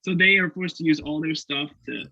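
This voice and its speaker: Man, young, from Canada, higher voice, animated storyteller, dull dry sound. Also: brisk, creaky, no room sound. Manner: animated, laughing, acts out quoted voices. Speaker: guest actor. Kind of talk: casual storytelling interview.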